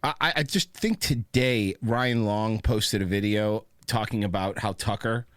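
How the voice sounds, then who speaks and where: A man's voice: fairly low pitch, a little slow, no echo, studio quality. A man hosting a podcast in casual chat, rambling, swearing and laughing often. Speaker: podcast host.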